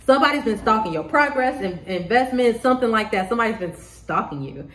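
A woman giving a casual tarot reading to the camera, excitable, laughing often and swearing freely. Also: a little high, brisk. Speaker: tarot reader. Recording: roomy echo.

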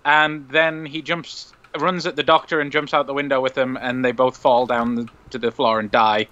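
A man co-hosts a gaming podcast in a bright, forceful voice, rambling and laughing as he talks. His dry, close recording sounds dull and lo-fi. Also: medium pitch, little pitch movement, normal speed, dry recording. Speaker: podcast co-host. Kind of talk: casual chat while gaming. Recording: dull lo-fi mic.

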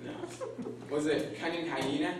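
Slow, animated male storyteller. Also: on the high side. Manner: animated, playful, with sound effects. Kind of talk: live folk tale performance. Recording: echoey room from far off, faint noise.

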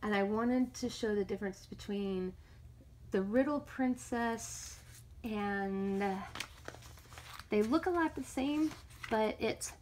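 Woman vlogging, chatty and excited, bit of vocal fry, faint hiss behind. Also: mid-range voice. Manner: enthusiastic, chatty, trails off and restarts. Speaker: tarot vlogger. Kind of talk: casual show-and-tell.

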